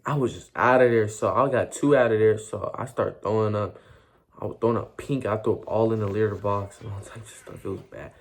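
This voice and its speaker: A man's voice: fairly low pitch, steady tone, fairly quick. Rambling young man with slang. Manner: rambling, slangy, with many restarts and fillers. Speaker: storyteller. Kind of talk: casual storytime vlog.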